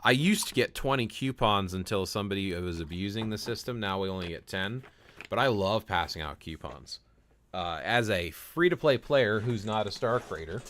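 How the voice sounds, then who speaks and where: Deep-voiced chatty male game streamer. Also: animated, moderate pace, a bit bright, a little hiss or hum. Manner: chatty, friendly, repeats words and restarts often; greets viewers by name and answers chat. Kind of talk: casual live-stream chat while playing.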